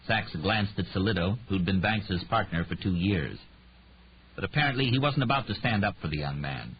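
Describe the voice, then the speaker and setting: A man narrating an audiobook in an expressive reading, voicing every character, on a slightly muffled recording with faint hiss. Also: low voice, normal speed.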